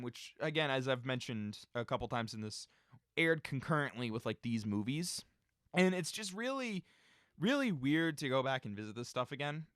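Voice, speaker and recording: A young man co-hosting a casual film review, joking and rambling with quick restarts. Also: medium pitch, fairly bright tone, no echo, clean studio sound. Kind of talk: casual riffing commentary.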